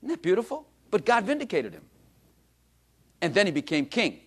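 A man's voice: high-pitched, normal speed, slightly rough. A man preaching a sermon, telling jokey stories about himself and calling out to the congregation. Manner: animated, joking storytelling with the congregation. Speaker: pastor.

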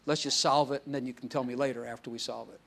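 A man's voice: mid-range voice, steady tone, fast talker, vocal fry, fairly bright tone. Chatty, storytelling male preacher. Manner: conversational, storytelling with frequent laughs and quoted dialogue. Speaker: pastor. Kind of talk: sermon.

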